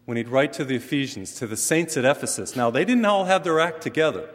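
A middle-aged man from western Massachusetts, a priest preaching a sermon with animated emphasis and light humor. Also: mid-range voice, fast talker. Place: church. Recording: long reverb from a large hall.

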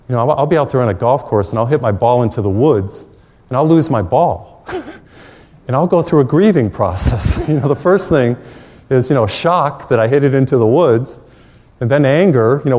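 Middle-aged male priest, warm relaxed tone, easygoing pastoral delivery, reverberant space. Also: medium pitch. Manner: gentle, conversational, with frequent fillers and light chuckles. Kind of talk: pastoral talk to viewers.

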